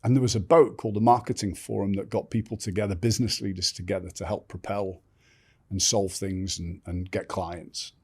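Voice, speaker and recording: A man's voice: sits low, flat delivery, fairly quick, husky. An older man telling his life story candidly as a podcast guest, blunt and swearing freely, often restarting sentences.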